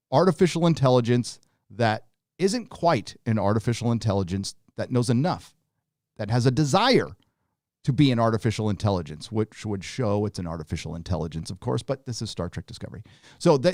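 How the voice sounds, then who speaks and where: A man's voice: mid-range voice, expressive, a little fast, darkish tone, no echo, clean studio sound. A man hosting a live review show, talking casually in a sarcastic, mocking way with plenty of laughs and fillers.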